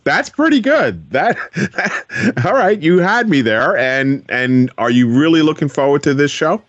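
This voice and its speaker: Male radio host, animated pitch, dry studio sound, interviews kids with encouraging follow-ups. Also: measured pace, no echo, muffled recording. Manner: encouraging, asks children gentle follow-up questions.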